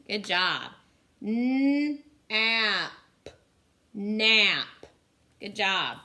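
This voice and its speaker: Slow, bright-voiced phonics teacher woman. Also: mid-range voice. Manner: slow, deliberate sounding-out of letters; encouraging, praising often. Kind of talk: remote phonics lesson for young children.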